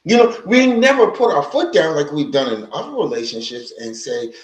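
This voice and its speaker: Male livestream host, lively pitch, chatty and rambling, roomy echo on the mic. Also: moderate pace, hardly any pauses. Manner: rambling, conversational, with many restarts; greets viewers from the chat. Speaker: livestream host on healing from narcissistic abuse. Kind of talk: casual livestream talk. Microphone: livestream microphone.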